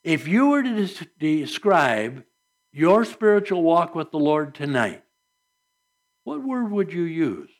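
A man's voice: on the high side, sing-song, slow pace. A man preaching a sermon at a church service, earnest and conversational, asking the congregation rhetorical questions. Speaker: pastor.

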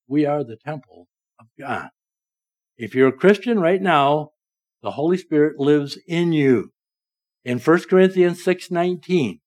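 A man preaching a sermon in church, swinging between loud emphatic lines and soft, low ones. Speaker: pastor. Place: church sanctuary.

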